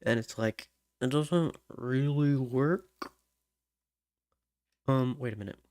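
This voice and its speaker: Slow, muttering man hums lyric ideas. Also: mid-range voice, darkish tone, no room sound, clean studio sound. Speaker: songwriter. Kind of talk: thinking aloud while writing lyrics.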